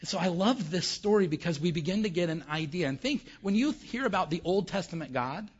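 A man's voice: sits high, animated, a little fast, slightly rough. A male pastor giving a conversational sermon who keeps asking the audience questions, on a dull recording.

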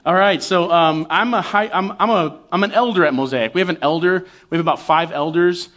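Man in his forties, high voice, casual self-deprecating sermon, dull lo-fi sound. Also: a bit bright. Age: 40s. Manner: conversational and self-deprecating, with quick restarts. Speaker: guest preacher, church elder. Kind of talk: sermon with humorous stories.

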